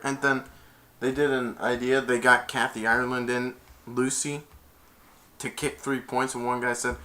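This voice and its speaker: Rambling young man with a bright voice. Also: mid-range voice, little pitch movement, normal speed. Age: 20s. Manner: rambling, hesitant, self-correcting. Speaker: amateur movie reviewer. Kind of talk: casual plot retelling.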